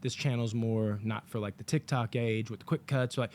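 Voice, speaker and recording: Dude doing a loose unscripted movie review, rambles and swears a lot, voice sits right in the middle. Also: male voice, mid-range voice, fairly even intonation, moderate pace, a little mellow. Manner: rambling, profane storytelling with lots of fillers.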